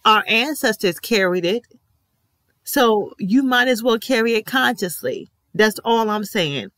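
An animated woman with a voice on the high side and a fairly bright tone reacts emotionally to a TV episode, talking a little slowly. Her commentary for her vlog is earnest and emphatic, full of heartfelt, repeated affirmations, with no room sound.

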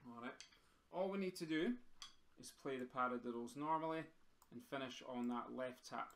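A man's voice: mid-range voice, normal speed. A man teaching a live drumming lesson over a video call, chatty and encouraging as he counts in and explains the exercises. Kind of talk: live-streamed music lesson. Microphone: computer mic on a video call. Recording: roomy echo with faint drumming.

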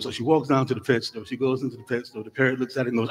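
A middle-aged man, a guest minister, opening his sermon with lively, joking stories for the congregation in a church. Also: mid-range voice, quick pace, hardly any pauses, breathy edge. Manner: lively storytelling, jokes with the congregation. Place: church sanctuary. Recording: long church hall reverb.

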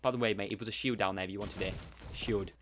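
Gaming streamer, man, lowish voice, upbeat chatter peppered with "mate" and "bro", thanking viewers between fights; faint hiss and keyboard clicks under the headset mic. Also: fairly even intonation, quick pace, fairly bright tone. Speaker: game streamer. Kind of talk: live game commentary with viewer shout-outs.

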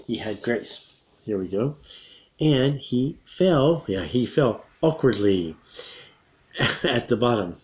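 An American man reads a children's book aloud as an English lesson, slowly repeating key words and chuckling often. His voice is on the low side with a darkish tone, and the audio quality is poor.

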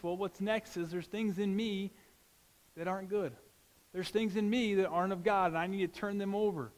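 A pastor preaching a sermon in an earnest, conversational way. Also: male voice, high voice, long reverb tail. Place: church sanctuary.

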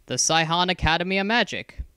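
A narrator voicing a calm, patient male school founder who has travelled the world, in a storybook reading. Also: mid-range voice, fairly quick, clear, resonant tone, no echo, clean studio sound, pitched above the performer's own voice. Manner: calm, patient, gently insistent.

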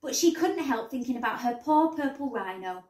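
A woman teacher reading a bedtime story aloud in an expressive storybook manner, in a roomy recording. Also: on the high side, normal speed, recorded from a distance. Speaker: primary school teacher. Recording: roomy echo.

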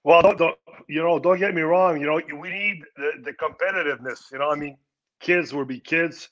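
Earnest man, halting. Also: fairly high pitch, a bit bright, muffled recording. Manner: earnest, halting, many restarts. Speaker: former pro hockey player, guest. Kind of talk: podcast interview.

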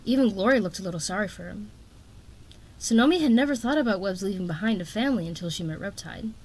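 A woman reading a fantasy novel aloud in a steady, expressive narration. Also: mid-range voice, quick pace, slightly rough. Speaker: audiobook reader.

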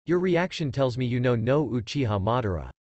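A man voicing a bored, deathless teenage boy ninja in a fan story reading, flat and blunt. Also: medium pitch, brisk, no room sound, highs cut off, close to an everyday voice.

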